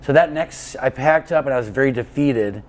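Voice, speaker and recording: This is a man in a casual interview, recounting a long ride in a loose, anecdotal way. He drifts through the story, stopping for fillers and restarting his sentences as he goes. His voice sits at an ordinary pitch for a man. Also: moderate pace. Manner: rambling anecdotal telling with many fillers and restarts. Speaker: guest, endurance cyclist.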